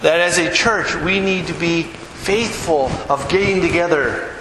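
In an echoey church hall with room noise, a middle-aged pastor preaches conversationally, often checking with his congregation by asking "right?" He speaks at a measured pace in a slightly high voice.

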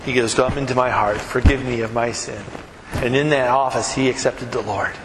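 A man preaching in a church, his voice bright and forceful as he tells stories, climbing up in pitch when he gets worked up. The sound is roomy with a long hall reverb and a faint murmur of ambience behind him. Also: moderate pace, slight background noise. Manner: animated storyteller, voice climbs high when excited. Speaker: pastor. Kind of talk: sermon.

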